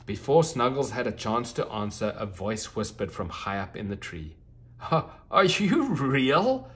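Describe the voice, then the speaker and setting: A man reading a children's storybook aloud, gentle and expressive. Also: fairly low pitch, normal speed.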